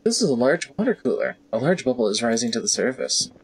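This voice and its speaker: A man's voice: medium pitch, sing-song, quick pace, a little hiss or hum. A man streaming a video game, reading the text aloud and commenting casually and animatedly, swearing now and then, into a studio mic.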